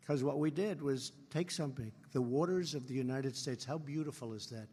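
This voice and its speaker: A man in his seventies speaks fairly quickly in a voice that's a little high. Addressing a convention in a big hall, with live hall reverb, he rambles politically, repeating phrases and tossing in boasts.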